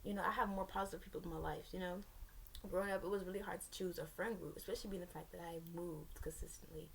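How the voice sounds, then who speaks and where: A woman's voice: lowish voice, steady tone, quick pace, gravelly, a little hiss or hum. A young woman telling a personal story to her viewers in a candid, rambling way, with sassy asides. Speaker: vlogger.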